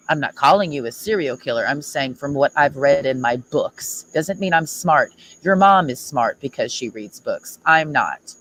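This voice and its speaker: A woman's voice: sits low, expressive, normal speed, rough recording. Sarcastic woman ranting on stream. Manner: sarcastic, mocking, confrontational. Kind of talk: livestream rant.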